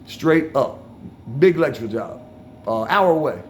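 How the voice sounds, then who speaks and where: A man's voice: a little high, lively intonation, normal speed, slight background noise. An older man with a Washington DC accent, rambling casually to viewers about betting, swearing freely and dropping "man" and "y'all" into nearly every line. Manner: rambling, profane street talk with constant "man" and "y'all". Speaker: vlogger talking to viewers. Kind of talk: casual storytelling monologue. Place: outdoors on a street corner.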